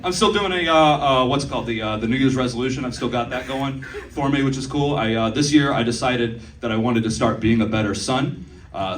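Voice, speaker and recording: A man's voice: medium pitch, slight background noise. A young man in his twenties doing a stand-up comedy set in a comedy club, telling stories loosely and profanely with asides to the crowd. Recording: roomy club sound from a distance. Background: audience laughter.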